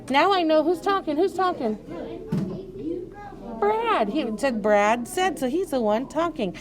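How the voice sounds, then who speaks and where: A woman's voice: sits high, lively intonation, moderate pace, a little mellow. A woman teacher leading an early reading lesson, patiently sounding out words with a sing-song coaching manner.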